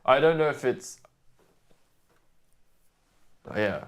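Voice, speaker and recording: A man's voice: medium pitch, expressive, takes it slowly, smooth. A pianist hosting his livestream, muttering to himself and answering with hesitant, casual chat. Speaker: pianist and host of the stream.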